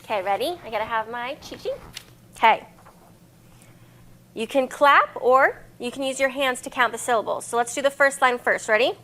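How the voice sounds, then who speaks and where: A woman's voice: fairly high pitch, lively intonation, normal speed, fairly bright tone. A young woman librarian leading a cheerful, encouraging children's lesson on poetry and syllables.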